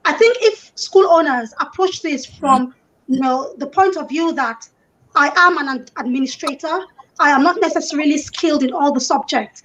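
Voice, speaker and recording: A woman with a Nigerian accent and a high voice speaks as a guest on an online panel. She explains in a measured way, often pausing on "you know". Her voice comes through dull, lo-fi call audio. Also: a bit bright.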